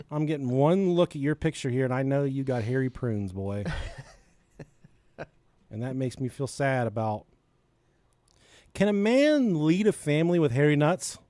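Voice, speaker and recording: A middle-aged man co-hosting a crude comedy podcast, joking loudly and rambling through stories. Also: mid-range voice, a little slow, pauses often, dry recording. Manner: rowdy, joking, breaks into song and mock voices. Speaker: podcast co-host.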